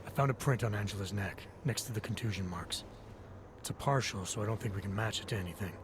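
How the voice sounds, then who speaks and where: A man's voice: lowish voice, quick pace, background noise, natural voice. An actor playing a businesslike male forensic investigator in a video game, speaking in a clipped way. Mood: brisk.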